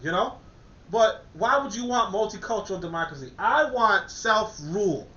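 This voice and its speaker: Animated high-voiced man, stammering commentary. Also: moderate pace, lo-fi sound, slight background noise. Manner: animated, rambling, frequent stammered restarts. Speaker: commentator reviewing a document. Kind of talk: casual commentary with reading aloud.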